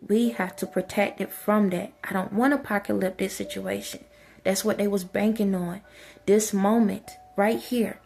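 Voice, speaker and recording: A woman's voice: mid-range voice, steady tone, moderate pace, creaky, a little mellow. A woman vlogger giving an impassioned spiritual monologue, repeatedly soothing and urging an unseen listener.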